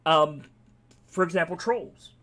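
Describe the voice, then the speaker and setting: Rambling, fast-swearing man chatting on stream. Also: a little high, bright, forceful tone. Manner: rambling, enthusiastic, swears freely. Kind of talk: casual chat.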